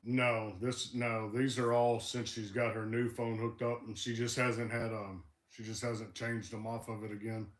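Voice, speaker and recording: A man's voice: on the low side, little pitch movement, moderate pace, hardly any pauses, reverberant. A man hosting a livestream, chatting casually and talking about faith in an earnest, encouraging way. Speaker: livestream host. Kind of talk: casual chat.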